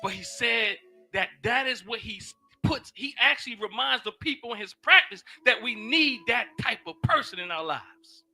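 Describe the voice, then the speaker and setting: Guy preaching w/ a really high bright voice, goes from shouting to murmuring, faint music under it. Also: expressive, normal speed. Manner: swings from loud shouts to low murmurs; casual, preacherly, repeats phrases. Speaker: speaker giving a teaching. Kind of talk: impassioned sermon-style talk.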